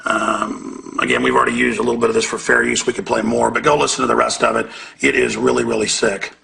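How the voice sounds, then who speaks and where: Gravelly, indignant radio host man. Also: medium pitch, quick pace, noisy background. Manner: indignant, emphatic. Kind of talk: talk radio commentary.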